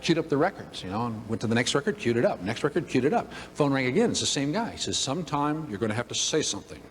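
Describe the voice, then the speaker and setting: An older man giving a motivational talk, telling a humorous story in an animated way to a room of listeners. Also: mid-range voice, fast, noisy background. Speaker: motivational speaker. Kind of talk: storytelling keynote speech. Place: event room with audience. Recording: long hall reverb.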